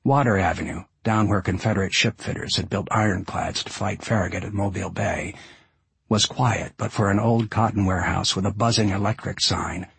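A man narrating an audiobook in a measured, descriptive way. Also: sits low, gravelly, fairly bright tone, husky, no room sound.

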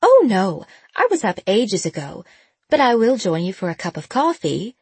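A woman voicing an elderly aunt who is brisk, blunt and fussing in an audiobook. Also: mid-range voice, sing-song, breathy edge, no room sound, full character voice.

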